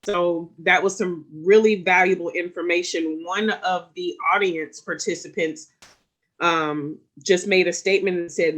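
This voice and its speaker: Bright-toned panel moderator, rambling. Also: medium pitch. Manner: rambling, many fillers and restarts. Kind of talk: closing remarks of a live online panel.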